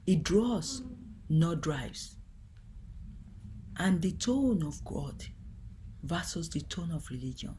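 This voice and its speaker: A woman giving a devotional teaching talk in a gentle, earnest and heartfelt way. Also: fairly low pitch, sing-song, takes it slowly, pauses often, slight background noise. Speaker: Christian teacher.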